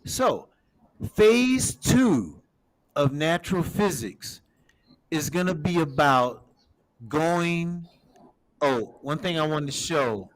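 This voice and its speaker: A man's voice: a little high, expressive, slow pace, pauses often. Rambling man hosting a map talk. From United States. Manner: rambling, addresses viewers as everybody. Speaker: show host. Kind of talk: casual livestream talk over a map.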